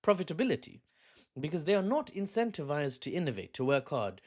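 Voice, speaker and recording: A man's voice: fairly high pitch, sing-song, fairly quick. A man giving a casual, rambling news commentary, cracking jokes and laughing at his own asides.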